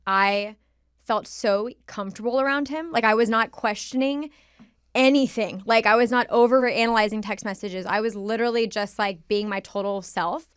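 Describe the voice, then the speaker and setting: A woman guest on a casual podcast, telling a story in an animated way and swearing freely, close to the mic. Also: a little high, moderate pace, smooth, dry recording.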